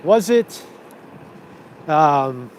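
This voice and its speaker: Rambling high-voiced man on a street walk. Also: lively intonation, very slow, a little mellow. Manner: rambling, repeats himself, talks while walking. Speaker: vlogger. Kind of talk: walk-and-talk street vlog. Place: outdoors on empty city streets. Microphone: handheld camera while walking. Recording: faint street noise outdoors.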